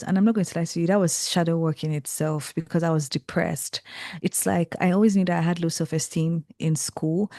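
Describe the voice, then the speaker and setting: A young Nigerian woman, a creative and tarot reader, speaks as a guest in a casual interview with a fairly low voice, recorded with studio quality and no room sound. She comes across earnest and reflective, animated, frequently correcting herself and restarting sentences.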